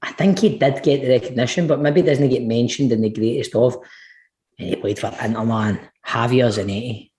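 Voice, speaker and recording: A man co-hosting a football podcast in a relaxed, agreeable way, often chiming in with short agreement. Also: mid-range voice, fairly quick. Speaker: podcast co-host. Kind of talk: casual football chat. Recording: echoey room.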